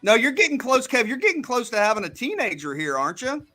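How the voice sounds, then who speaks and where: A man co-hosting a radio show, chatting in a lively, amused way. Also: extremely high pitch, quick pace, soft background music, low-quality recording. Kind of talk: casual sports radio chat.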